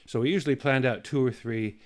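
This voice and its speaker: A man's voice: mid-range voice, brisk. A man hosting a casual comedic talk show, rambling through jokes and stories with lots of restarts. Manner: rambling, joking storyteller with many restarts.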